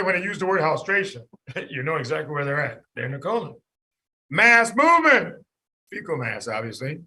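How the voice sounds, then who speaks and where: Male lecturer, fairly high and husky; animated, quizzes students by name. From United States. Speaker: medical lecturer. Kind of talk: classroom lecture.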